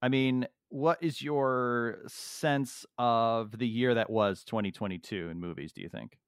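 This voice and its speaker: A man's voice: medium pitch, unhurried, clean tone, no room sound, clean studio sound. A man co-hosting a podcast in casual chat, joking around and restarting his sentences as he goes. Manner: jokey, rambling with restarts. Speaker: podcast co-host. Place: at home in the US. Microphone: remote call recording.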